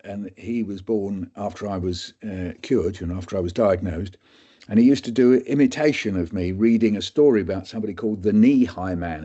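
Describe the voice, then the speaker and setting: An older English man tells his story in a rambling, self-mocking way, with a low, husky voice and a dark, mellow tone. He keeps acting out what other people said to him. The sound is a dull, lo-fi webinar recording. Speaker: guest speaker. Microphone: video call.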